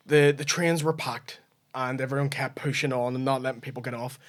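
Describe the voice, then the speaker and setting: A man with a Northern Irish accent, a comedian guest telling animated stories in casual podcast chat and swearing freely. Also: medium pitch, a little fast.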